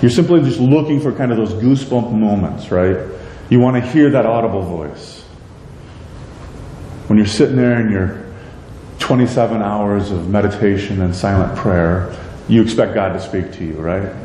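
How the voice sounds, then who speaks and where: A man's voice: lowish voice, moderate pace, mellow. A male pastor preaching a sermon in a church, acting out prayers and quotes in a raised voice. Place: church sanctuary. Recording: echoey church hall, faint noise.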